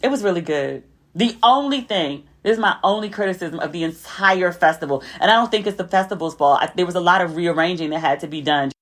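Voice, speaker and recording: Chatty woman host telling stories. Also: brisk. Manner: chatty storytelling, acting out quotes with a raised pitch. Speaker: podcast host. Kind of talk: casual chat.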